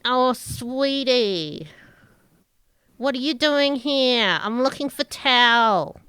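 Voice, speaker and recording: A woman's voice: sits high, expressive, very slow, bright, forceful tone, clear, resonant tone, no room sound, heavily acted. A woman voicing a flirty, scheming woman who calls everyone darling and sweetie in a condescending purr, for a tabletop game. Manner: purring, condescending endearments.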